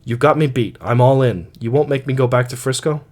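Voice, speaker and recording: A man's voice: medium pitch, a little fast, darkish tone, lightly acted. A man reading aloud, voicing a desperate young woman fugitive who pleads breathlessly. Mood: pleading. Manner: breathless, imploring.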